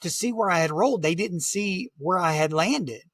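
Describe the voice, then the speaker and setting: A man talking through a dramatic survival story in conversation, halting and full of fillers. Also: high-pitched, lively intonation, fairly bright tone, dry recording, clean studio sound. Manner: vivid, halting retelling with many "like" fillers. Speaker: guest, motivational speaker.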